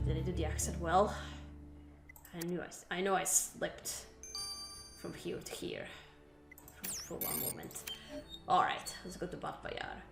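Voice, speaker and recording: A woman in casual game commentary, chatty and self-deprecating, with a fairly low voice. Her voice rings in an echoey room. Faint background music plays beneath. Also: gravelly. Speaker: gameplay commentator. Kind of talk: casual gameplay commentary, reading dialogue aloud.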